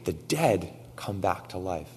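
Lively preacher man in a hall. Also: low-pitched, takes it slowly, a little hiss or hum. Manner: animated storytelling, acting out quoted lines; frequent "right?" asides. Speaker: pastor. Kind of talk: sermon.

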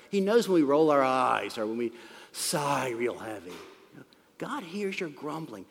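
A man preaching a sermon as pastor, animated, swinging from loud emphasis to hushed asides. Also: a little high. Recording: long hall reverb.

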